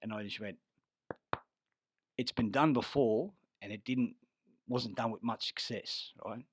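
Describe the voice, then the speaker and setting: A man's voice: medium pitch, unhurried, slightly rough, dry recording. An Australian army veteran telling rambling, profane stories, often losing his thread and growing heated. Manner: grows loud and heated retelling a fight. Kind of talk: rambling personal storytelling.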